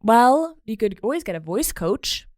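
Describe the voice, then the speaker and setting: A woman's voice: fairly high pitch, big pitch swings, unhurried, darkish tone, no echo, studio quality. Chatty woman comedian co-hosting. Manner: chatty, self-mocking storytelling. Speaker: podcast co-host and comedian. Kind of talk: casual comedic chat. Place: recording studio.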